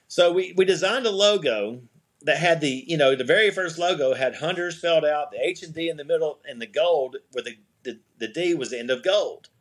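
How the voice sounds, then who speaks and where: Guest spot: man, slightly husky voice, casual rambling storyteller, restarts and chuckles. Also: fairly high pitch, animated, fast, a bit bright. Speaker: podcast guest, eyewear company CEO.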